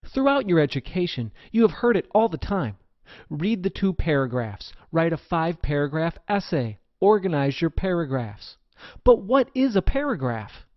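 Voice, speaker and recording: A man's voice: on the high side, big pitch swings, moderate pace, no echo. Male lesson narrator, dry and lo-fi, explanatory read. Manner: plain explanatory delivery. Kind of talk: scripted narration. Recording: dull, lo-fi dry recording.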